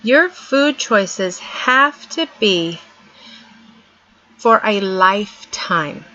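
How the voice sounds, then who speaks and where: A woman's voice: mid-range voice, expressive, drawn-out words, pushed and bright. A middle-aged woman vlogger giving an earnest, emphatic motivational talk, repeating her points for stress. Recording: dull lo-fi sound.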